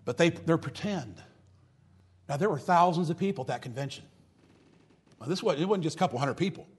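Husky-voiced man preaching a folksy sermon. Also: fairly high pitch, expressive, brisk. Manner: folksy, mocking, preaching with rising and falling intensity.

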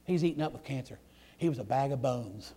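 A middle-aged man, a preacher telling folksy stories in a sermon, swinging between loud outbursts and hushed, near-whispered passages. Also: mid-range voice, a little fast, husky. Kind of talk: storytelling sermon.

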